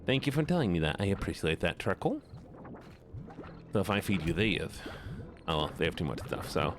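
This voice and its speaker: A man's voice: deep voice, very animated, brisk. Playful laughing male game streamer. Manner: playful, laughing, chatty with viewers. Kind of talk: casual live-stream chat while gaming.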